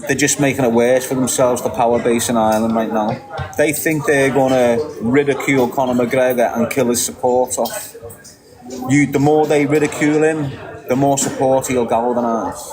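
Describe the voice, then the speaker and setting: A man from England with a Scouse accent, delivering a heated, sweary, opinionated rant that repeats its points forcefully. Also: mid-range voice, steady tone, moderate pace, poor audio. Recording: loud crowd behind the voice.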